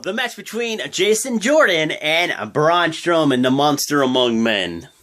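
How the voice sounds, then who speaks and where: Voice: medium pitch, a bit bright. Rambling casual wrestling recap vlogger. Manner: rambling, filler-heavy, loose and chatty.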